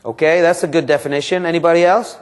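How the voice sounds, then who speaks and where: Man with a higher voice running sales training. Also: fast talker. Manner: energetic, quizzes the audience with questions; acts out sample phone calls and pitches. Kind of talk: live sales training seminar. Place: training room with a live audience.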